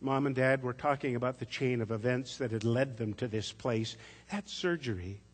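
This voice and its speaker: A male pastor preaching to his congregation in a husky, mid-pitched voice, unfolding a story gently and with measure. His words ring out with a long reverb in the church sanctuary. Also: level tone, normal speed. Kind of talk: sermon.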